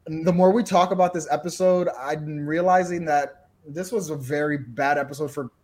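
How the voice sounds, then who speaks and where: Co-host, casual chat, blunt and amused, mid-range pitch. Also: fairly even intonation, normal speed, a little mellow. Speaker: podcast co-host.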